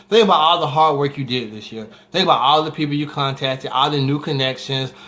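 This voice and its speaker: A man talks casually and motivationally, with a slightly high, bright and forceful voice. He tells a long story in loose spoken style, full of restarts and little "right?" check-ins. His delivery is informal and conversational. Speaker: motivational speaker.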